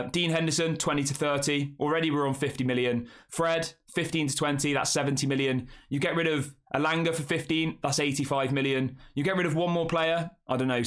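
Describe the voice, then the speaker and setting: A man's voice: fairly high pitch, a little fast, fairly bright tone. A young man hosting a casual football live stream, chatting and talking straight to his viewers. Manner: chatty, addresses the chat as guys. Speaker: football channel host.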